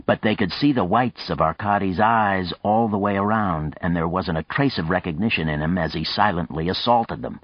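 Deep-voiced man narrating a novel. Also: no room sound, dull audio. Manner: measured, even storytelling. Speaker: audiobook narrator. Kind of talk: scripted narration.

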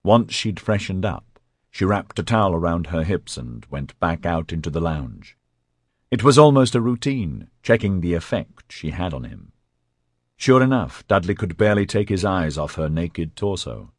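A man reading fiction as an audiobook narrator, with an expressive, dramatic storytelling manner. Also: low voice, normal speed, dry recording, clean studio sound. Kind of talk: scripted narration.

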